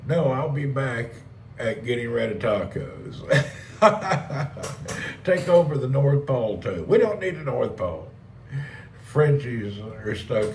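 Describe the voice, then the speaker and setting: A man's voice: medium pitch, a little mellow, a little hiss or hum. Rambling man chatting on a live stream. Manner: rambling, joking, reads chat aloud. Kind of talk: casual live-stream chat. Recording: roomy, distant mic with faint ambience.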